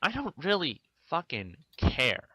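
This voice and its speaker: A man's voice: on the high side, huge pitch swings, measured pace, sharp tone, dry recording, poor audio. A man ranting in an angry vlog, defensive and swearing. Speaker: video maker ranting to the camera.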